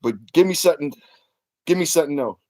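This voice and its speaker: A man's voice: a little high, fast, darkish tone, dry recording. A man, hosting a casual livestream, ranting in a profane, repetitive and emphatic way. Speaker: livestream host.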